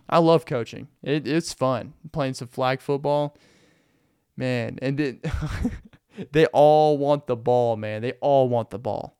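A young man hosting a podcast, telling rambling, animated stories in a casual monologue and laughing often. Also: medium pitch, slow pace, clear, resonant tone, no echo, clean studio sound. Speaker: podcast host.

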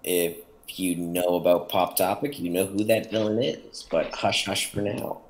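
A man chats casually as a podcast co-host in a very low voice. His delivery comes out flat and gloomy, even when he is joking. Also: a little slow. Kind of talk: casual chat.

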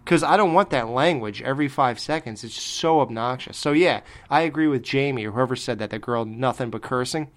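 A man's voice: mid-range voice, brisk, hardly any pauses. A man co-hosting a horror podcast, telling stories animatedly and joking in casual banter. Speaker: podcast co-host.

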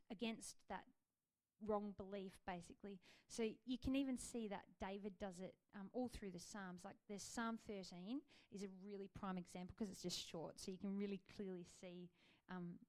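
A woman in her thirties with a medium-pitched voice gently and earnestly shares her personal faith testimony, often saying "um" and "like."

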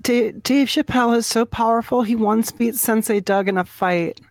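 A woman making prank phone calls, delivering absurd insults in a mock-earnest, deadpan way. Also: fairly high pitch, moderate pace, dry recording. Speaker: prank caller.

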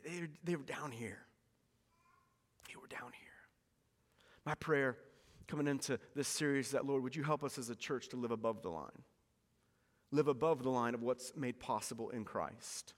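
Animated preacher man in a reverberant hall. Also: medium pitch. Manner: animated storytelling preacher, repeats key lines. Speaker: pastor. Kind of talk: sermon. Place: church hall. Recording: long reverb of a church hall.

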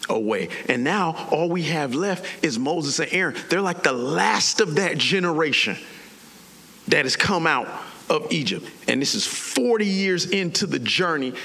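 A man's voice: on the high side, lively intonation, measured pace, gravelly, sharp tone. A man preaching a sermon as a pastor, telling the story animatedly in casual slang and acting out voices.

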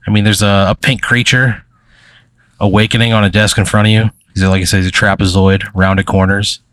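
Male game master, low voice, loose rambling narration, dry close sound. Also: little pitch movement, fairly quick, fairly bright tone, dry recording. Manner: rambling, filler-heavy storytelling.

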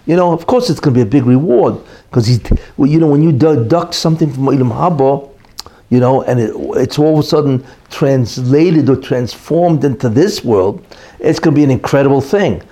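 A man's voice: medium pitch, moderate pace, mellow. A man teaching an informal religious class, telling a story with many "you know" asides and restarts. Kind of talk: informal Torah class talk.

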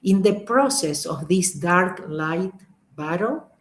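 Low-pitched woman, live-stream spiritual teacher, chatty with lots of fillers, roomy echoey sound. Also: lively intonation, slow. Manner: warm, chatty, repeats thanks, frequent fillers. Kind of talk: casual live-stream talk and guided recitation.

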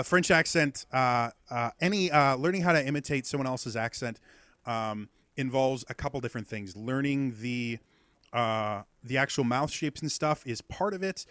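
A man's voice: medium pitch, sharp tone, no room sound. A man guesting on a podcast, explaining accents in a rambling, casual way full of ums and uhs.

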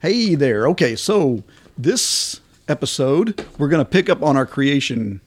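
A man's voice: mid-range voice, big pitch swings, unhurried, dry recording, soft background music. Man chatting on a podcast, dry sound. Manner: rambling, full of fillers and restarts. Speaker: podcast co-host. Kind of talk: casual podcast chat.

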